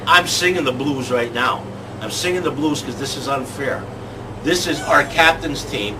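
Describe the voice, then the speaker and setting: A man hosting a comic sports show, talking in excitable rants. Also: mid-range voice, normal speed. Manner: excitable, ranting. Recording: distant mic with clear background noise.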